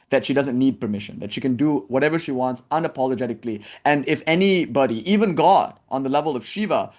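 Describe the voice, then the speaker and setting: A man's voice: medium pitch, a little mellow. A man giving a casual storytelling lecture, chatty, with frequent fillers and asides.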